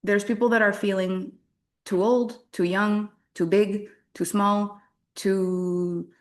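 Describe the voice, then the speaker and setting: Woman, from French-speaking Canada, business coach, motivational workshop talk, candid, animated, self-deprecating, laughs often, mid-pitched. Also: takes it slowly.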